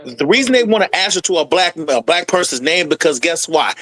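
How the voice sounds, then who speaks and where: A man's voice: on the high side, sing-song, a little fast, a bit bright, dry recording, poor audio. A man hosting a heated panel debate, ranting emphatically and often repeating himself.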